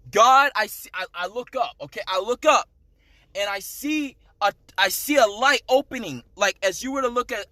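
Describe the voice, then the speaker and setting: Man, high bright voice, emphatic and intense testimony vlog, dry close sound. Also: no echo. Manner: intense, emphatic, repeats "okay?" to the viewer. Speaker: vlogger. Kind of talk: personal testimony to camera.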